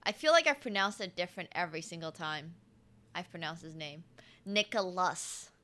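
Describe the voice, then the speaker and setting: A woman's voice: on the low side, big pitch swings, brisk, sharp tone. A woman in her twenties commentating chess on a live stream in a casual, chatty way, humming and laughing between remarks. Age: 20s.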